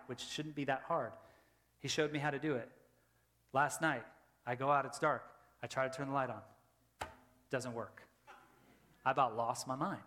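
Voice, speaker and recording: A man in his thirties preaching a sermon as pastor, telling a casual everyday story, swinging between loud emphasis and hushed tones. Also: mid-range voice. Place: church sanctuary. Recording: reverberant church hall.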